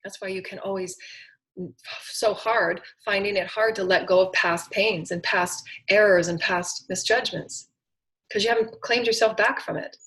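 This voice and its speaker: A woman delivers an inspirational spiritual talk in an earnest, heartfelt way. She leans on repeated affirmations, rising with energy and then sinking to a near hush. Her voice sits at an ordinary middle pitch. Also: steady tone, moderate pace, rough recording. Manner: earnest, repetitive affirmations, swelling and dropping to soft. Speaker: spiritual channeler and host.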